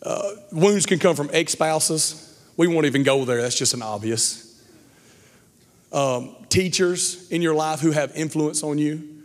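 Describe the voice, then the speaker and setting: A middle-aged male pastor preaching a sermon, telling a story with lively acted-out quotes and then speaking to the congregation. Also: on the high side, unhurried. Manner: animated storyteller, acts out quotes loudly. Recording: long hall reverb.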